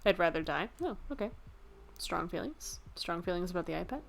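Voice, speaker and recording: A woman's voice: on the low side, animated, fairly quick, creaky, slight background noise. A woman streamer chatting casually and joking at her own expense while she draws. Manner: joking, self-deprecating. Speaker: livestreamer.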